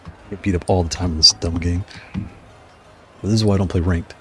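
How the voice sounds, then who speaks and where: Man, very low voice, casual gameplay commentary, playful trash talk, music in background. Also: fairly even intonation, moderate pace. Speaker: gaming streamer.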